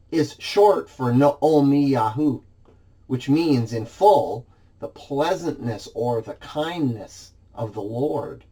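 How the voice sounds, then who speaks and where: A man's voice: medium pitch, darkish tone. A man preaching a sermon in church, reading scripture expressively and dramatizing the quoted lines.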